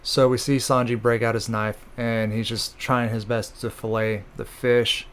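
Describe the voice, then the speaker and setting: A man's voice: medium pitch, level tone, unhurried, a little hiss or hum. Rambling man recapping a comic. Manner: rambling, with many fillers and crude jokes. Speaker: channel host recapping manga. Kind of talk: casual recap.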